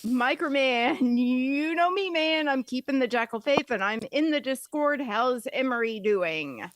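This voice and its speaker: A woman's voice: high-pitched, lively intonation, unhurried, no echo. A woman co-hosting a livestream, reading viewer comments aloud with brief, wry remarks. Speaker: podcast co-host reading chat comments. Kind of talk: casual livestream chat.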